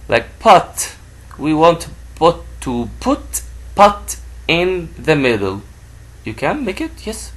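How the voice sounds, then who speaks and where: Slow, lively-voiced man teaching children. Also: mid-range voice. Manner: slow, repeats words for a child to say back. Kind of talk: grammar lesson to children.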